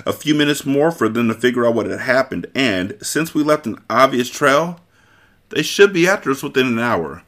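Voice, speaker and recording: A man's voice: medium pitch, expressive, normal speed, a bit bright, pitched above the performer's own voice, lightly acted. A man voicing a conceited, scheming Sicilian kidnapper in a storybook reading, talking in a smug, bossy way.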